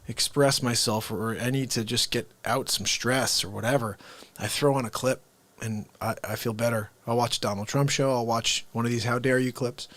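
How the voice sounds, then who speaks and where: A man hosting a comedy livestream, chatting casually and rambling in a low-key, soft-spoken way.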